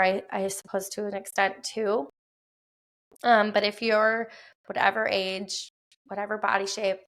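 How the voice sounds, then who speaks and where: A woman in her thirties with a Wisconsin accent, hosting a casual solo podcast from a quiet home at night, chatty with lots of fillers and quick laughs. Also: mid-range voice, gravelly. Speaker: podcast host.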